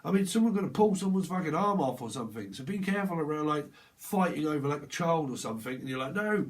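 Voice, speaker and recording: Young guy doing a tarot vlog, acts out bits, swears loads, voice kinda high. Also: fast. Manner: animated, acts out scenes with put-on voices, swears a lot. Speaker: tarot reader.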